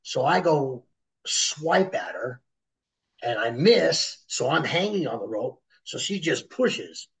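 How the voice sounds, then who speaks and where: This is a middle-aged man with a gravelly, breathy voice. He is an interview guest swapping wrestling stories. He is animated and acts out the people in his stories. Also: mid-range voice, slow pace, rough recording. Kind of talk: storytelling interview.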